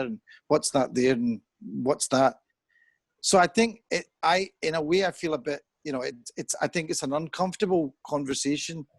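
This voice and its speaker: A man's voice: on the high side, no echo. A man in his fifties talking through his views in an earnest, reflective way on a chat show, as if on a video call. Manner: earnest and reflective, thinking aloud. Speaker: discussion guest. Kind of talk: conversational discussion.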